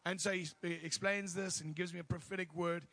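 A male preacher telling a story in a sermon, animated and laughing, with loud bursts of prayer. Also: sits high, brisk.

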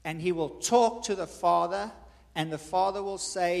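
A man's voice: high voice, moderate pace, gravelly, a little mellow. A man preaching a sermon in a church hall, with an emphatic style that repeats points for effect. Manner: emphatic, repetitive teaching cadence. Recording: reverberant hall.

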